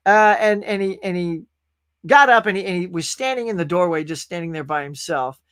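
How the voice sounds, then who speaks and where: Guy rambling on his pop culture stream, reading chat out loud, dry close sound. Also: high voice, brisk, clear, resonant tone, no room sound. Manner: rambling, chatty, reads viewer comments aloud. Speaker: podcast host. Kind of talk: casual live-stream chat.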